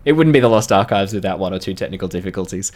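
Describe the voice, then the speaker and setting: A man's voice: deep voice, expressive, racing, a little mellow, slight background noise. A man narrating as dungeon master, chatty and laughing often. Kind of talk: narrating a tabletop game.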